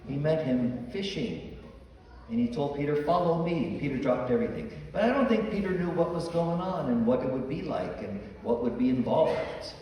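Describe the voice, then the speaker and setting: A man's voice: mid-range voice, very animated, normal speed, mellow, a little hiss or hum. A man, a priest, preaching a homily and acting out the dialogue in the stories he tells. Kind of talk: sermon. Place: church. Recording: echoey church hall from far off.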